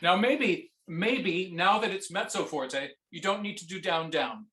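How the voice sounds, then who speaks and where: A man coaching a viola student in a masterclass, singing musical phrases between gentle instructions. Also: high voice, lively intonation, a little slow, reverberant, soft background music. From Canada. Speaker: viola teacher giving a masterclass.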